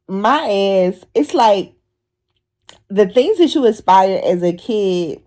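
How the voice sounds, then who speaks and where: A woman vlogger telling a funny story casually, animated and swearing, acting out voices as she goes. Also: mid-range voice. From Philadelphia. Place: outdoors in public.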